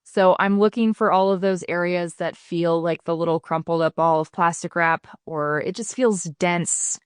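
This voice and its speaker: Her voice is lowish, clear and resonant, at normal speed, recorded at studio quality with no room sound. As a podcast guest she casually and earnestly explains her bodywork practice, acting out the people she quotes with animation.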